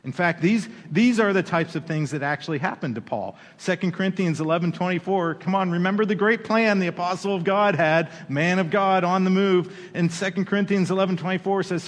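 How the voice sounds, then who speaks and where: A man preaching a sermon as pastor, animated, with playful asides and acted-out quoted voices. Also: high voice, brisk, few pauses, in a large hall.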